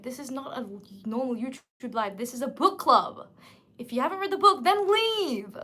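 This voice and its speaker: A woman in her twenties hosting a casual livestream book chat, animated and emphatic. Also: sits high, moderate pace. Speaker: livestream host.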